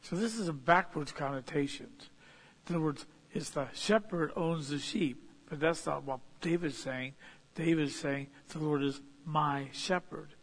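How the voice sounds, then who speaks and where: A man with a husky, slightly high voice delivers a folksy sermon. He talks in plain, homespun pictures and swells into sudden emphatic peaks before easing back down. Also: moderate pace. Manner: folksy, illustrative preaching with sudden emphatic rises. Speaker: preacher.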